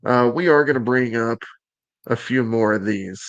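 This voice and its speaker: An upbeat man with a Southern accent hosts a casual show, joking and teasing as he presents. His voice sits at an everyday middle pitch and sounds dry and close. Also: moderate pace, no room sound. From Alabama. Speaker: host.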